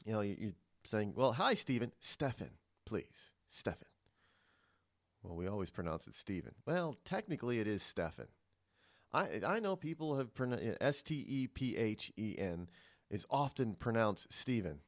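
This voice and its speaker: A man's voice: on the low side, sing-song, normal speed, dry recording. A man hosting a political talk radio show, musing aloud and rambling with many restarts, from a studio microphone.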